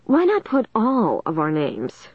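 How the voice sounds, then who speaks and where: A woman's voice: sits high, lively intonation, fairly quick, dry recording, dull audio, pitched above the performer's own voice. A woman reader voicing a sarcastic, nervous teenage girl.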